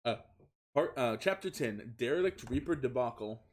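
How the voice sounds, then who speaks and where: A man's voice: mid-range voice, lively intonation, normal speed, darkish tone. A young man streaming a comic reading of fan fiction, giggling, stumbling over words and swearing in asides.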